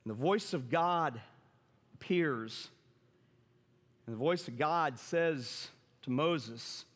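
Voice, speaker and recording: A man's voice: a little high, slow, long pauses, a bit bright, big-room sound. A middle-aged man preaching a sermon to his church. He talks casually, then acts out the quoted lines with big jumps in his voice. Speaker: pastor. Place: church sanctuary.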